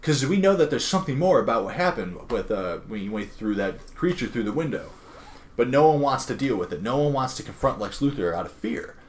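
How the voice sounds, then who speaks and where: A man's voice: medium pitch, very animated, a little fast. A young man casually recapping a comic book with lots of fillers, acting out the characters' lines as he goes. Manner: rambling, filler-heavy, acts out characters' lines. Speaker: comic book podcast host.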